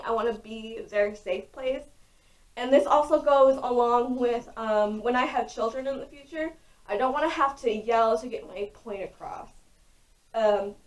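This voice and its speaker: Young woman vlogger, loud and frank, a bit high, recorded from a distance. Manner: talks loudly and frankly, with many fillers. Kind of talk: casual chat to camera. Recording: voice distant from the mic.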